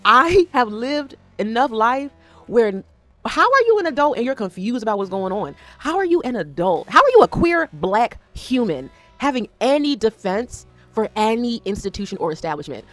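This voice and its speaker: A woman in her thirties from the Northeast United States rants in a loose, profane vlog monologue. Her pitch sits a little high and leaps around as she talks quickly. She swings from loud bursts to muttered asides over soft background music. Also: no echo. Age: 30s. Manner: animated, profane, swings between loud outbursts and quiet asides. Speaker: vlogger. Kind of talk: casual unscripted rant.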